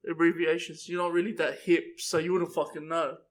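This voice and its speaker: A man's voice: fairly high pitch, flat delivery, a little fast, slight background noise. A young man, co-hosting a podcast, blunt and crude, laughing often. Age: young adult. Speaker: podcast co-host. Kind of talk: casual chat.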